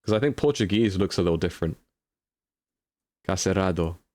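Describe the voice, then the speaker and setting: A man's voice: low voice, lively intonation, brisk, a little mellow, dry recording. A young man streaming live, chatting casually as he thinks aloud through a guessing game and answers his chat.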